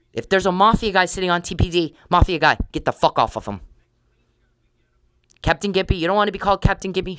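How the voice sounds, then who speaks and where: A woman's voice: low-pitched, a bit bright, dry recording. A woman podcaster in an angry monologue, talking bluntly, profanely and confrontationally.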